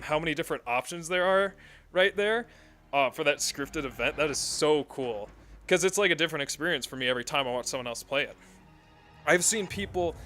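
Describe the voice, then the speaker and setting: Bright-voiced young man telling a story. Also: a little high. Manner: rambling, laughs often, swears casually. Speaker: streamer. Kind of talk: casual storytelling while streaming a game.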